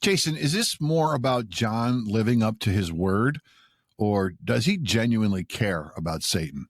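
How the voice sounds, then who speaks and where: A man's voice: fairly low pitch, expressive, moderate pace, no room sound, studio quality. A man hosting a podcast, recapping the story and asking the cast questions. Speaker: podcast host.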